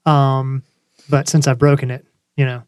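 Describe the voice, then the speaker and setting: A man guesting on a car podcast, talking in a relaxed, rambling way with a lot of fillers. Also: mid-range voice, measured pace, smooth, dry recording, clean studio sound. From Georgia, USA. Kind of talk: casual chat.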